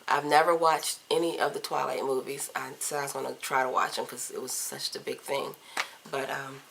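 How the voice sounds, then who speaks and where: Low-voiced chatty woman from Virginia. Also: creaky, slight background noise. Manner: chatty, candid, playful asides, trails off softly. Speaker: vlogger. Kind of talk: casual chat answering tag questions. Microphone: camcorder mic.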